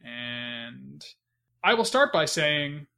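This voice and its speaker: A man's voice: on the high side, very animated, extremely slow, gravelly, background noise. A man hosting a podcast, upbeat and laughing, wrapping up a casual chat. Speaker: podcast host.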